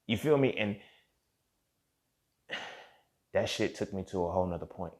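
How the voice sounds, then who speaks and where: A man's voice: deep voice, animated, moderate pace, pauses often, a little mellow. A man hosting a show and telling a personal story in a casual, profane way, often speaking straight to the listener. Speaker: host.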